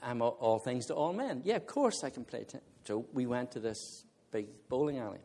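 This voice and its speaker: A man preaching as a visitor tells the congregation an amusing story from his own life, laughing often and speaking with animation. His voice is medium-pitched and his pace normal.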